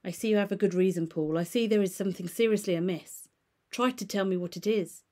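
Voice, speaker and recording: A woman's voice: medium pitch, fast, warm tone, lightly acted. A woman reading aloud and voicing a stern, easily irritated middle-aged male lawyer with a peevish, commanding manner. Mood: urgent.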